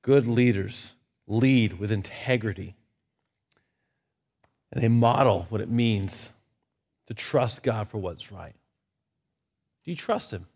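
A man's voice: on the low side, slow pace, long pauses, darkish tone, husky. A man leading a church Bible study in a conversational teaching style, mixing lighthearted personal stories with Scripture. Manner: anecdotal, lightly humorous.

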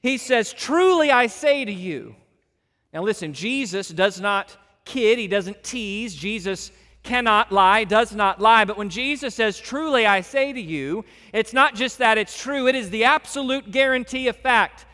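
A man delivers a sermon from the pulpit, his fairly high, bright and forceful voice rising to loud emphatic peaks and dropping to hushed, intimate passages. The sound hangs in the long reverb of a large church sanctuary. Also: animated, a little slow. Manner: swings between loud emphatic preaching and soft hushed delivery. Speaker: pastor.

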